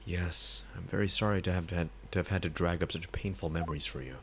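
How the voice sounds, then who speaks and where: A man voicing an earnest young male lawyer while reading game dialogue aloud, measured and sincere. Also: low-pitched, fairly even intonation, a little hiss or hum.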